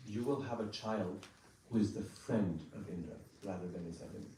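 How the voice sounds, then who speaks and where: Man preaching a scripture story in a temple, slow careful delivery, far off mic, faint background hum. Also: fairly low pitch, dark tone. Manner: measured, deliberate storytelling. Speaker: temple speaker. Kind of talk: sermon storytelling. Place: temple hall. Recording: echoey temple hall from afar.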